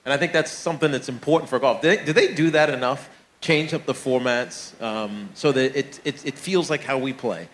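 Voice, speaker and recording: A man hosting a casual interview, asking relaxed questions and giving brief affirmations. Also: medium pitch, fairly quick.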